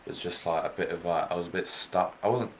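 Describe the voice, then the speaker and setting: Very deep-voiced hesitant young man. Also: steady tone, quick pace, low-quality recording. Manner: laconic, hesitant. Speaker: guest, host's son. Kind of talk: casual chat. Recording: faint background noise.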